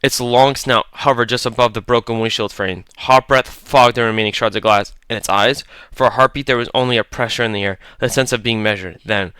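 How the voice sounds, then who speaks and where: A man's voice: mid-range voice, steady tone, a little fast, few pauses, bright, forceful tone, clean tone, dry recording. A man narrating a horror story in a tense, clipped, dramatic way.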